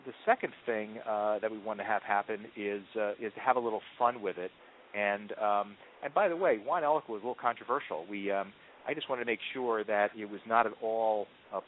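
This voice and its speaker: A man being interviewed as a marketing executive, telling stories in an animated way with frequent ums and restarts. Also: fairly low pitch, slight background noise. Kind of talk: conversational interview answers. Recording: tinny phone-line audio.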